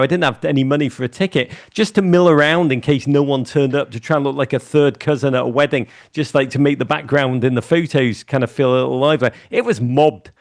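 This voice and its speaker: Animated man telling stories. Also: fairly high pitch. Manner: animated anecdotes, fast asides. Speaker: guest, media founder and author. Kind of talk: casual storytelling interview.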